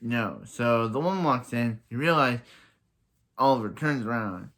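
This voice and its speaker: A man's voice: medium pitch, animated, unhurried, fairly bright tone. A man casually recapping and reviewing a TV episode, rambling with many fillers, restarts and the odd laugh. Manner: laughs at own jokes. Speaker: show reviewer.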